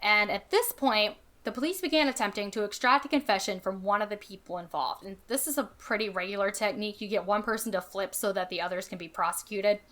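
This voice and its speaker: A woman's voice: medium pitch, quick pace, hardly any pauses, a bit bright. A woman co-hosts a casual podcast and tells a history story in a chatty, easygoing way. Her talk is full of fillers and asides. She reads quoted passages aloud in the same voice. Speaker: podcast co-host.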